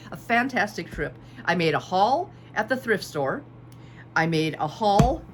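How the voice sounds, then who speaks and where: Chatty woman in her fifties, lowish voice. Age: 50s. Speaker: quilting channel host. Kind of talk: casual chat showing fabric. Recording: faint background hum.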